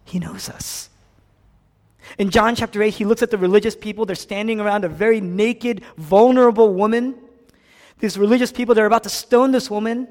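Preaching man, fairly high, echoing hall. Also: fairly even intonation, a little fast. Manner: dynamic, swings between loud emphasis and hushed low lines. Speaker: pastor. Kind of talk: sermon. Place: church sanctuary. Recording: long hall reverb.

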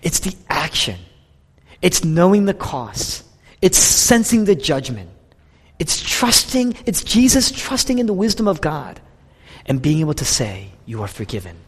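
Pastor guy preaching, voice a bit high, big swings from loud to almost whispering, long hall echo. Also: very animated, unhurried, husky. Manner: swings from loud emphatic peaks to hushed near-whispers. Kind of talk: sermon.

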